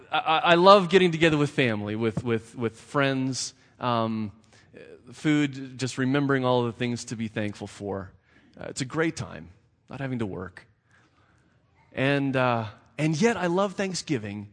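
A man preaching a sermon at a middle pitch. He talks in a loose, conversational way and doubles back on his words, and a long reverb rings around him in a large church sanctuary. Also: expressive, unhurried, a bit bright. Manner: conversational, repeats words as he builds a point. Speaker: pastor.

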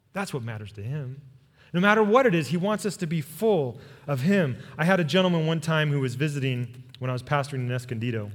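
Middle-aged male pastor, sermon delivery, storytelling into prayer, long church reverb. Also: on the high side. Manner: storytelling with quoted voices, closing in soft prayer.

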